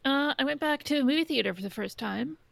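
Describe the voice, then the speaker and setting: Woman podcast co-host, hesitant and thoughtful, mid pitch with heavy fry, dry close mic. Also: lively intonation, quick pace, dry recording. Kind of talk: casual chat.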